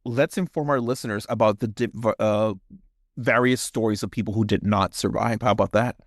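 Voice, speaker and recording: A man's voice: on the low side, steady tone, fairly quick, no room sound, clean studio sound. A man co-hosting a podcast, narrating a legend in dramatic, clipped lines and chatting casually. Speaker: podcast co-host. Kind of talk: storytelling and casual chat.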